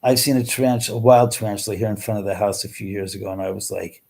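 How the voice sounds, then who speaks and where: A middle-aged man hosting a live stream, chatting casually with viewers and reading their comments, animated, with frequent swearing and trailing restarts. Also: medium pitch, fast. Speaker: livestream host.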